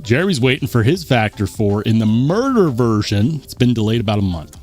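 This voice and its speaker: A man's voice: mid-range voice, very animated, moderate pace, darkish tone, soft background music. A man hosting a live stream in casual chat, reading viewer comments aloud and reacting in an upbeat, rambling way. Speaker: livestream host.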